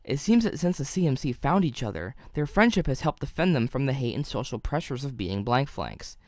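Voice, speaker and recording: A man's voice: medium pitch, sing-song, fairly quick, a little mellow, dry recording. A young man reads a scripted video review in a middle-range voice, analytical and dotted with wry asides. The recording is dry and close, with no room sound.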